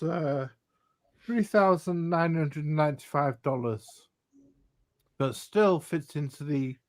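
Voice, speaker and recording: A man hosting a casual watch live stream, reading out specs in a steady listing way. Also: on the high side. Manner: reads figures in a steady listing way. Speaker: watch show host.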